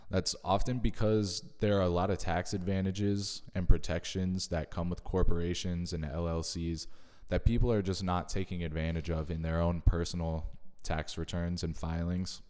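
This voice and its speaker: A man's voice: sits low, little pitch movement, darkish tone, in a large hall. A man giving a casual, thoughtful spoken summary of books he listened to, adding his own asides. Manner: thoughtful, measured, adds personal asides. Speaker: video creator summarizing books.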